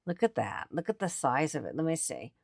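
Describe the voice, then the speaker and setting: A woman's voice: low voice, sing-song, a little fast, creaky, darkish tone, no echo, clean studio sound. A woman host chatting on camera at an estate sale, showing finds to viewers with chatty enthusiasm. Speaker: antiques picker and channel host. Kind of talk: casual on-camera commentary.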